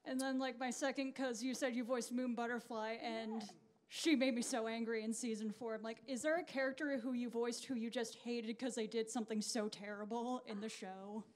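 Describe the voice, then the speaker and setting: A woman's voice: fairly high pitch, steady tone, normal speed. A woman who is a fan in the audience, asking the panel questions in an eager, giggly way.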